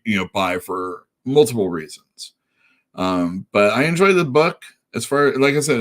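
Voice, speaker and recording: A man hosting a comic shop show, chatting casually about comic books and rambling with lots of fillers and restarts. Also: fairly low pitch. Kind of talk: casual chat.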